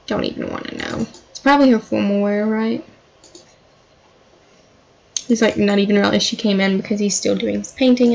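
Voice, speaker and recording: A woman's voice: mid-range voice, vocal fry, darkish tone, poor audio. A woman giving casual, chatty commentary while playing a life-sim game, dramatizing her characters' fights. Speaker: gameplay commentator.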